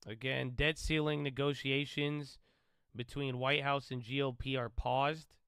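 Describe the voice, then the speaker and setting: A man's voice: medium pitch, level tone, unhurried, clear, resonant tone, dry recording. A man hosting a live trading stream, giving loose, chatty market commentary and calling listeners bro. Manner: says he tends to sound loud and yelling.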